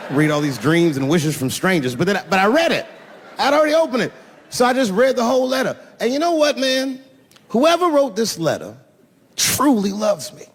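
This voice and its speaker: Profane stand-up man in a reverberant hall. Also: fairly high pitch. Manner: profane, conversational, building stories to punchlines. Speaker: stand-up comedian. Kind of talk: stand-up storytelling. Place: large theater stage with audience. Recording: long hall reverb from a live stage.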